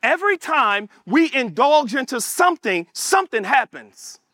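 A male preacher with a high, bright, forceful voice, delivering an animated sermon. He calls out to the congregation and acts out prayers in quoted voices. The sound is dry and close, with little room behind it. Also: normal speed, no room sound. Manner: animated, call-and-response preaching.

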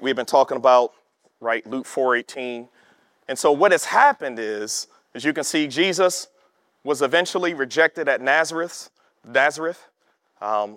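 A man preaching a sermon in a conversational way, often checking in with the congregation and slowing down to stress words of scripture. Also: mid-range voice, a bit bright, no room sound, studio quality. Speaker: pastor.

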